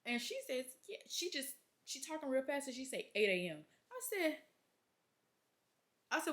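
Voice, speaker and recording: A young woman, a nurse, venting casually to camera, exasperated and animated as she acts out conversations. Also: sits high, moderate pace, long pauses. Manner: exasperated, animated storytelling with acted-out quotes. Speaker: labor and delivery nurse, vlogger.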